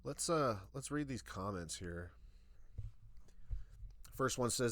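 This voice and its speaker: A man's voice: medium pitch, animated, takes it slowly, pauses often, no echo. A young man rants in a sarcastic, exasperated tone and swears freely. His voice sits in the middle range. The room is dry and close. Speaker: YouTube reviewer. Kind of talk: ranting commentary.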